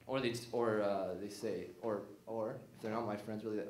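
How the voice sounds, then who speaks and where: A man's voice: fairly low pitch, fairly even intonation, normal speed, a little mellow, echoey room, a little hiss or hum. A young man doing a rambling, self-deprecating stand-up set on a small theater stage, full of fillers and restarts. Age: young adult. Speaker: stand-up comedian. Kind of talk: stand-up routine.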